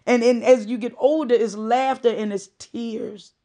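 A woman's voice: on the high side, fairly even intonation, unhurried, warm tone. A middle-aged woman giving a heartfelt monologue, with emphatic, repeated phrases and moments of choking up. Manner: emotional, choking up.

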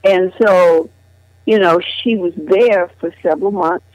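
A woman's voice: on the low side, unhurried, darkish tone, no room sound, rough recording. An older woman earnestly recounting a family memory in conversation, restarting phrases as she goes. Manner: earnest, retelling dialogue with frequent restarts. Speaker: guest. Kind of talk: personal storytelling in conversation.

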